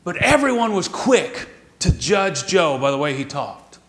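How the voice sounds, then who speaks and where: A middle-aged man from Texas preaches a sermon in a high voice. He tells folksy stories and slows down on key words for emphasis. The sound is roomy, like a church sanctuary. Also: sing-song, a bit bright. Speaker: pastor.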